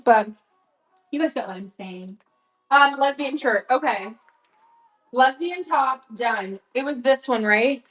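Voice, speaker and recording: A young woman chatting bubbly and slangy as she sells clothes on a live stream, often breaking into giggles. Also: fairly high pitch. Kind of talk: casual live-sale chat.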